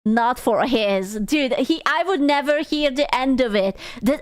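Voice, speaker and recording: High-voiced woman streamer, crude teasing banter. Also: expressive, moderate pace, few pauses, smooth, dry recording, studio quality. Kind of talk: casual live-stream chat.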